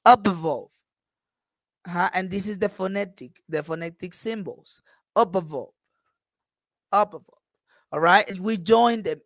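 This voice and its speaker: A woman for whom is not a teaches an online class, pausing often with little "uh-huh" checks. Her voice sits at a middling pitch. The sound is dry and close, with no room around it. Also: no room sound. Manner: frequent "uh-huh" check-ins, repeats example sentences with acted intonation. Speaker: English teacher.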